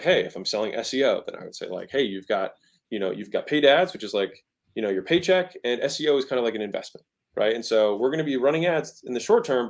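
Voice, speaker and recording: A man in his thirties, a podcast guest talking casually about sales, emphatic and often shifting his tone to make a point. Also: mid-range voice. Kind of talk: conversational teaching about sales.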